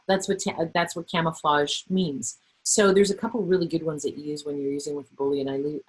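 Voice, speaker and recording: A middle-aged woman trainer presenting a workplace webinar, animated and acting out the voices she quotes. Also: low voice, breathy edge, rough recording.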